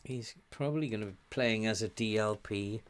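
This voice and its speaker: Smooth and lowish, this older English streamer's voice moves at a moderate pace. He chats his way through a football management game, laughing frequently and rooting for his side.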